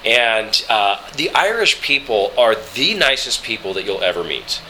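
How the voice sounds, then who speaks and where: A man, a voice actor from Colorado, telling travel stories in a relaxed interview, halting with many fillers and restarts. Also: fairly low pitch, a little hiss or hum, poor audio. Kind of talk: relaxed interview chat, storytelling.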